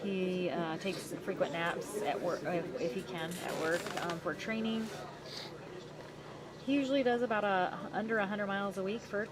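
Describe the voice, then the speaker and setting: A woman's voice: mid-range voice, moderate pace, poor audio. A woman commentating on a race livestream outdoors, talking in a rambling way with many fillers. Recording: loud crowd behind.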